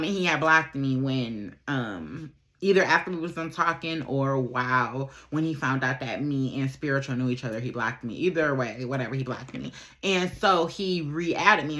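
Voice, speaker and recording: A woman's voice: low voice, sharp tone. A woman from Buffalo, New York telling a rambling, slangy story in a casual get-ready-with-me vlog, often repeating herself. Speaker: vlogger.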